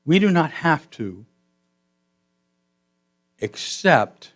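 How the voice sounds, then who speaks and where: A man pastor giving a sermon in a church, telling a story with his voice swelling loud and then dropping to a hush. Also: on the high side, very animated, extremely slow. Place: church sanctuary.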